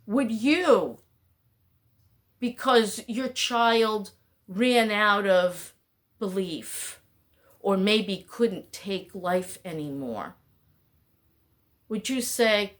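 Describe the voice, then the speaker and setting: A woman's voice: medium pitch, animated, drawn-out words, long pauses. Rambling, chatty middle-aged woman vlogger. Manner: rambling, chatty, frequent self-interruptions. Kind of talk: casual talking-head chat.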